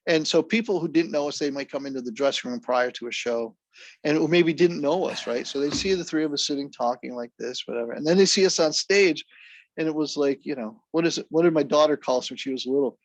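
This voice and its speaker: A man, a drummer guest, telling stories in a relaxed, even-keeled way during a casual interview. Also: a little high, fast talker, no room sound. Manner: laid-back, even-keeled storyteller.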